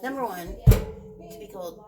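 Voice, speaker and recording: A woman's voice: mid-range voice, moderate pace, loud music behind the voice, rough recording. A middle-aged woman working as a construction field manager, telling a story in a blunt, direct way in a casual vlog. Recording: crowd chatter in background.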